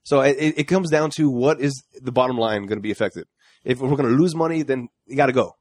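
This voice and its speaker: A man chatting casually as a podcast co-host, often tripping over and repeating his words. His voice sits at an ordinary middle pitch. The recording is dry and close. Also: quick pace, a little mellow, no room sound. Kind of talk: casual chat.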